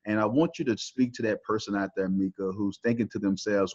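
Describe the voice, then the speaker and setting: A man's voice: fairly low pitch, brisk, few pauses, darkish tone. A man with a Texan accent hosting a podcast interview, talking in a loose, folksy, upbeat way with plenty of fillers. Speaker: podcast host. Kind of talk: casual interview talk. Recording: dull lo-fi audio.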